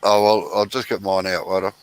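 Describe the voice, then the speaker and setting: A man's voice: sits low, level tone, brisk, smooth, no room sound, rough recording. Joking older Australian man on a call. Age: 70s. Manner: joking, chatty, gently teasing. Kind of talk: casual chat. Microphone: video call.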